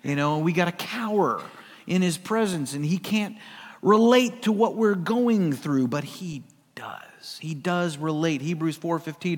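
A middle-aged pastor from the US West Coast preaching a conversational sermon, swinging between loud and hushed. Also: male voice, on the high side, animated, a little slow, big-room sound.

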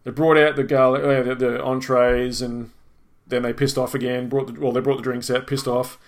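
A man's voice: mid-range voice, little pitch movement, moderate pace. A middle-aged man, co-hosting a podcast and telling a long, exasperated, swear-filled complaint in a casual way. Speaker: podcast co-host. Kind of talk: casual ranting storytelling.

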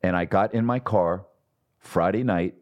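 A man's voice: low-pitched, a little slow, lo-fi sound. A middle-aged man, a sports broadcaster, telling stories from his career in a podcast interview, acting out the people he quotes. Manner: animated storyteller, acts out quotes.

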